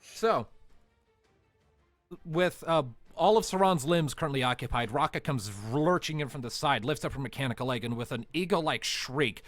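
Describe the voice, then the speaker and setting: Man, game master, tabletop narration, loose hedging phrasing, middling pitch, faint music behind. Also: moderate pace, a bit bright, no room sound.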